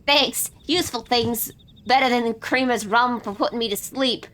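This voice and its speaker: A woman's voice: on the high side, normal speed, a bit bright, pitched above the performer's own voice, close to an everyday voice. A woman voicing a crude, foul-mouthed female pirate captain, reading game dialogue in coarse old-timey pirate slang and stumbling over words. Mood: gruff. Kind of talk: reading game quest dialogue aloud in character.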